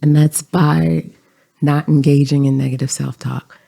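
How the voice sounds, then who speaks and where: Podcast host, mellow and a bit gravelly, calm coaching delivery. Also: mid-range voice, a little slow. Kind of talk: self-help podcast talk.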